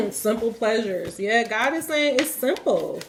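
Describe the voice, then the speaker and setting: A woman hosting a spiritual reading, telling a personal story in casual, animated speech with lots of swearing. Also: on the high side, takes it slowly, creaky, a little hiss or hum. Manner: animated, swearing freely, colloquial.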